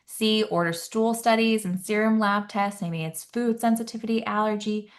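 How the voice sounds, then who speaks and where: A woman's voice: mid-range voice, normal speed. A woman nurse practitioner teaching a live exam-prep webinar, upbeat and quizzing the audience, often checking in with "right?".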